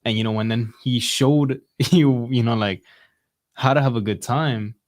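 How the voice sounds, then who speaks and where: A man's voice: medium pitch, a little slow. A man co-hosting a podcast in casual chat, joking and laughing often. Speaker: podcast co-host.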